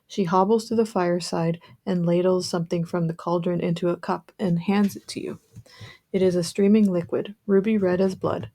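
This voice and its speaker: A woman guiding a meditation, telling the tale calmly and at a measured pace. Her voice sits a little low and sounds soft and mellow. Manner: calm, measured storytelling. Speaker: meditation narrator. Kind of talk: guided meditation narration.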